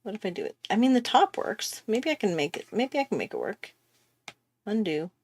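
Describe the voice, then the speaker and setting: A woman's voice: medium pitch, sing-song, a little fast, a little mellow. A woman chatting casually while she draws on a livestream, self-mocking and laughing often. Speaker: artist hosting a drawing livestream. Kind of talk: casual chat while drawing.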